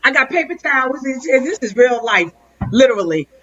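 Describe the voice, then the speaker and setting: A woman's voice: high-pitched, sing-song, brisk, crowd noise. A woman host giving a heartfelt, effusive tribute over a video call, often stumbling and repeating her words. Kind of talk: emotional live-stream tribute speech. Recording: dull lo-fi video call audio.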